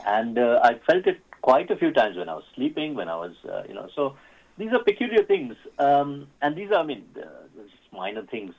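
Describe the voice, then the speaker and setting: A man, a radio guest who tells stories haltingly, with many fillers and restarts. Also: mid-range voice, sing-song. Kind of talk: radio interview storytelling. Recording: phone-like narrow sound.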